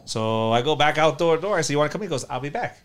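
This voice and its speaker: A man from South Florida, a collectibles store owner, telling a story as a podcast guest with lively acted-out quotes. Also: on the high side, fast, clear, resonant tone. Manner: animated, acts out quoted voices loudly.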